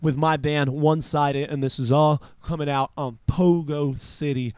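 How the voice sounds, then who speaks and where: A man's voice: on the high side, fairly even intonation, measured pace, a little mellow, clean tone, no echo. A man hosting a radio show, chatting casually and rambling, with swearing dropped in. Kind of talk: casual chat.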